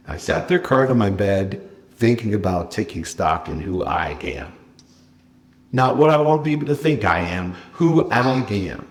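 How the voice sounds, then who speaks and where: A man with a lowish voice tells a personal story from a conference stage. He swings between loud, punchy outbursts and near-whispered confession, and his pitch rises and falls widely. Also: lively intonation, a little slow. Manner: dramatic, swings from loud bursts to hushed confession. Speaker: keynote speaker. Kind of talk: storytelling motivational speech.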